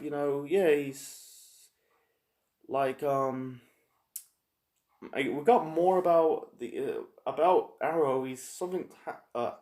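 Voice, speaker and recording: Male reviewer, slightly high voice, rambling, loose delivery full of ums and restarts, echoey room. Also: darkish tone. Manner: rambling, halting, with many fillers and restarts. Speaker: TV episode reviewer. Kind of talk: casual spoken review.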